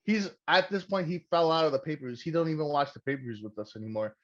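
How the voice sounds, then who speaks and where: A young man hosting a podcast, talking in a loose, joking way and swearing freely. His voice sits a little high for a man. The sound is dull and lo-fi. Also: quick pace, a little hiss or hum. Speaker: podcast host. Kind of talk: casual chat.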